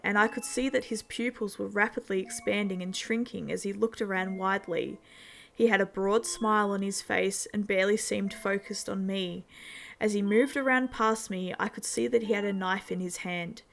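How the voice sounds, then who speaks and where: A woman narrating a horror story in a measured, steady storytelling manner. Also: medium pitch, gravelly, a little hiss or hum.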